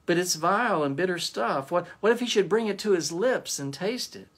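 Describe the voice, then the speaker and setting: Bitter learned old wise man, high-pitched outcries, as a male pastor reads him. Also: animated, moderate pace. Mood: sorrowful.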